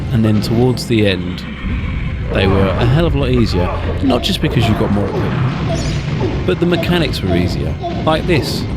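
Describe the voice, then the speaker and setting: A man giving wry, chatty commentary over a game playthrough. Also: mid-range voice. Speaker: gaming channel host.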